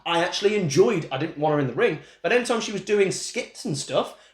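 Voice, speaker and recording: A man's voice: high voice, fairly quick. A man co-hosting a casual wrestling chat, opinionated and leading each segment as he asks his co-host for scores. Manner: animated, opinionated, leads the segments. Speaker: podcast co-host. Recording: echoey room.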